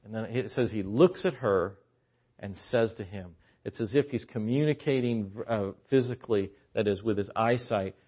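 A man preaching a sermon, shifting from quiet storytelling to loud, impassioned exhortation. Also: on the low side, normal speed, slightly rough, highs cut off.

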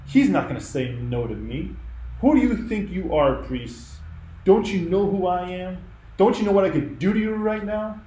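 A man preaching voices a proud, indignant ancient king who boasts loudly with a raised voice. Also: high-pitched, sing-song, unhurried, echoey room, voice pushed up, rough recording. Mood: indignant boasting. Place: church.

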